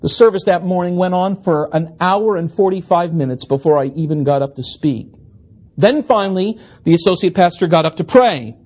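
A man preaching a sermon, telling a story with animated, self-deprecating humor. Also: high-pitched, moderate pace.

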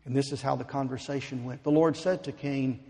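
A man preaching a sermon, slow and emphatic, building to fervent pleading. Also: medium pitch, steady tone, warm tone. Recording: long hall reverb.

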